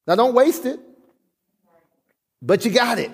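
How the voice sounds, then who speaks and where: Man, middle-aged, pastor, high-pitched voice, emphatic sermon, repeats phrases, call-and-response. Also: big pitch swings, unhurried, creaky, long pauses, breathy edge.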